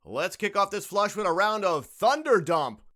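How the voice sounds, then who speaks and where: A man hosting a comedy podcast, boisterous and quick to burst out laughing. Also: high voice, big pitch swings, background noise. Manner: boisterous, laughs loudly at jokes. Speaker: podcast host.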